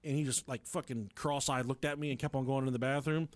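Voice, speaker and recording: A young man telling a story on a podcast, profane and animated, laughing through it. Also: medium pitch, fast talker, no room sound. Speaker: podcast co-host.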